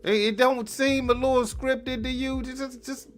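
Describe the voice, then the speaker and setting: A man hosting a show, riffing on a replayed clip in casual, slangy commentary, animated and mocking, laughing often. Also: very high voice, normal speed, soft background music. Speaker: podcast host reacting to a clip.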